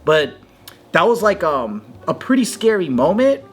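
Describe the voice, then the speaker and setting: Guy telling a wild story on a podcast, kinda high voice, swears a ton, faint music behind. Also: measured pace. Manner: animated, swears a lot, acts out quotes in a higher voice. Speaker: podcast guest. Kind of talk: casual storytelling.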